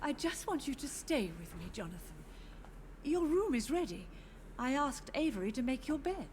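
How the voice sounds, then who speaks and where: Brief: high, lively-voiced old mother, lost in grief, wistful and drifting, video game dialogue over loud score. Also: normal speed, slight background noise. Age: older. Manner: wistful, drifting, gently insistent. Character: frail grieving old mother, confused, haunted by her dead. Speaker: game character.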